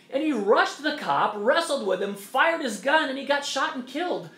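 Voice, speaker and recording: A man's voice: extremely high pitch, expressive, a little slow, fairly bright tone. A man hosting an opinion monologue, talking emphatically and repeating his points. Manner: emphatic, repetitive, mocking quoted voices. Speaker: host. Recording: echoey room.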